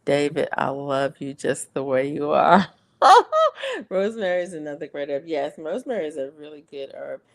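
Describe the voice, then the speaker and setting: A woman's voice: low-pitched, sing-song, normal speed. A middle-aged woman hosting a casual livestream, chatting and laughing often as she reads viewer comments aloud. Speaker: livestream host. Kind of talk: casual live-stream chat.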